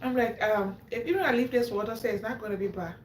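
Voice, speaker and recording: High-voiced woman telling stories live. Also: fast talker, echoey room, a little hiss or hum. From Africa. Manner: laughs often, acts out quotes with a rising voice. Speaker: livestream host. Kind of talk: animated storytelling to a live audience.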